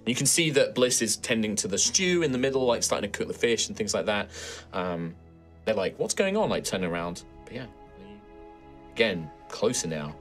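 A British man narrating a tabletop game as game master, relaxed and rambling with many fillers. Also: on the low side, moderate pace, soft background music.

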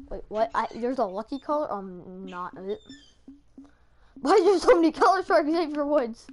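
A woman giving chatty, excitable commentary while playing a video game with a friend, often laughing. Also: high voice, moderate pace, slight background noise. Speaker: gamer. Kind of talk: casual gaming commentary.

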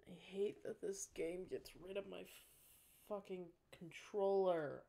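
A woman's voice: lowish voice, fairly even intonation, measured pace, gravelly, warm tone. A woman streamer chatting casually with a friend while playing a game, giggling often and shrieking when she gets scared. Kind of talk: casual gaming chat with a friend.

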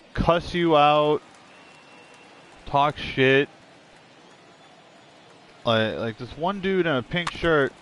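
Male streamer, mid pitch, rambling and foul-mouthed, casual let's-play chat. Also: fairly bright tone, a little hiss or hum. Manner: rambling, profane, blunt. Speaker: gaming streamer.

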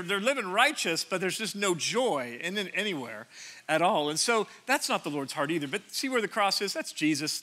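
Bright-voiced pastor man, chatty and joking. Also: sits high. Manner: joking, self-deprecating, chatty with restarts. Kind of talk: conversational sermon. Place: church sanctuary stage.

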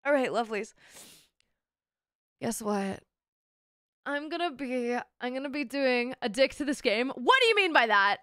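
High-voiced sick woman streaming a game. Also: animated, measured pace, long pauses, pushed and bright, clean tone, no room sound, clean studio sound. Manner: playful, swears a lot, calls viewers darlings. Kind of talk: casual gaming stream chat.

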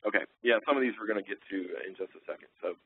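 Low, husky man on a tinny line. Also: very fast. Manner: relaxed, many ums and uhs, thinking aloud. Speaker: webinar presenter, sales engineer. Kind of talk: technical webinar presentation. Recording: tinny phone-line audio.

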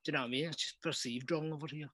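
A man's voice: fairly high pitch, steady tone, very fast, pushed and bright. A man from Scotland with a Scottish accent, calling into a podcast, blunt, sweary and laid-back. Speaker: caller. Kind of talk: casual phone-in chat.

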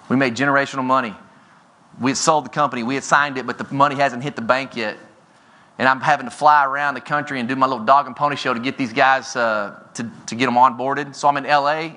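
A man in his forties delivers a motivational keynote to a conference audience. His voice is bright and forceful, sitting in a middle register. He tells stories energetically, his pitch and volume often climbing as he builds to a point. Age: 40s. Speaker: keynote speaker. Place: conference stage before an audience.

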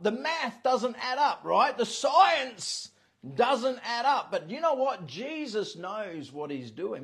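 A man's voice: sits high, a bit bright, slightly rough. A man, preaching as a pastor with emphasis and repeating his key phrases. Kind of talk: sermon.

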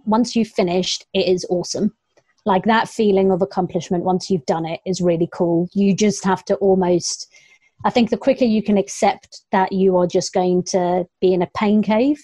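A woman's voice: mid-range voice, dark tone, dry recording. A young adult woman, a long-distance runner, chatting casually in an interview, laughing often and quoting herself. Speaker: ultrarunner guest.

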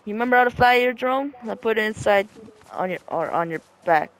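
A man's voice: high-pitched, a little fast, a bit bright, a little hiss or hum. Man, casual game roleplay host, goofy, playful, laughing.

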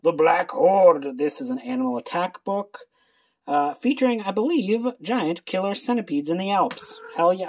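A book video creator chatting casually through a reading list, talking in an animated way with many quick asides. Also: mid-range voice.

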